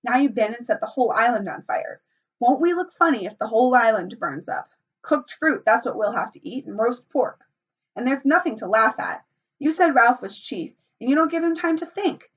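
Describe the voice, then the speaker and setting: A woman's voice: on the high side, moderate pace. A woman voicing a chubby, anxious schoolboy with glasses, whiny and indignant. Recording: muffled, from a distance.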